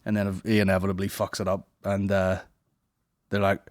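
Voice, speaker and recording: A man's voice: low-pitched, completely flat delivery, moderate pace, no room sound, clean studio sound. A young man hosting a comedy podcast, rambling and swearing in a casual monologue. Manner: rambling, profane, puts on silly voices.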